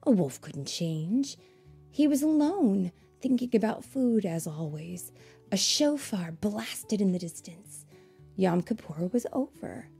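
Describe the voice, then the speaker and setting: Woman reading a kids' picture book out loud, slow, dark husky voice, bit of gravel, faint music behind. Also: medium pitch, very animated. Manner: asks listeners questions, warm explanatory asides. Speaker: storyteller reading to children. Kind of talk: children's read-aloud.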